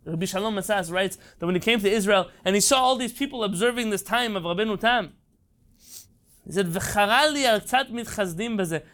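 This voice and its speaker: A man's voice: high-pitched, brisk, fairly bright tone. A man giving an impassioned Torah lecture, emphatic and rhetorical. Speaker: rabbi.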